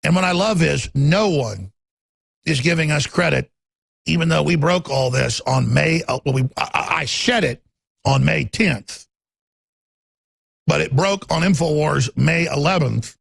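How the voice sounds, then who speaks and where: A man hosting a talk radio show, ranting with passion and swinging between loud outbursts and low muttering. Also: measured pace, creaky, slightly rough, no room sound.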